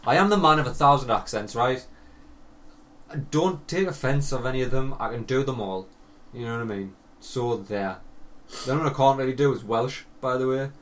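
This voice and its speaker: A man, hosting a casual podcast chat, sweary and joking with loud bursts of laughter. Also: medium pitch, a little fast. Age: 30s. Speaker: podcast host.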